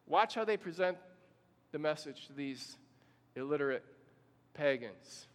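A man's voice: on the high side, expressive, measured pace, long reverb tail. A man pastor preaching a sermon, telling the story and asking the congregation questions.

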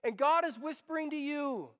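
A man preaching a sermon as pastor, animated and acting out quoted lines, sometimes dropping to a near whisper. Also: very high voice, normal speed.

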